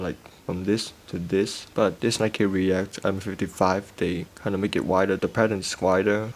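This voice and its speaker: Male sneaker reviewer, low-pitched, laid-back and halting. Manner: relaxed, halting, with many fillers and restarts. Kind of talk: casual product review.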